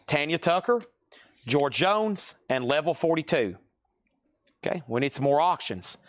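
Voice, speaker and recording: A man hosting a live record sale, briskly calling out records, prices and bids. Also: fairly high pitch, sing-song. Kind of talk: live auction selling.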